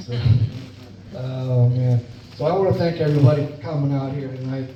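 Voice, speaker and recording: A man's voice: a little high, lively intonation, takes it slowly, a crowd in the background. A middle-aged man performing a stand-up comedy set on stage, telling folksy stories and laughing at his own jokes. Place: club or bar stage. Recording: echoey room, distant mic, dull, noisy.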